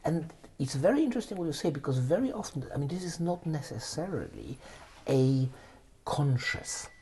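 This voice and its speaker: A man's voice: on the high side, moderate pace, a little hiss or hum. A man, a neuroscientist guest, explaining ideas conversationally and telling anecdotes with many restarts and asides. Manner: animated, tells anecdotes with frequent restarts.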